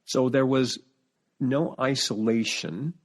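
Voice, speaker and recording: Man telling lively stories as a podcast guest. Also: mid-range voice, slow pace, breathy edge. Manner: animated storyteller, full of family anecdotes; restarts sentences while searching for words. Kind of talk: casual interview chat.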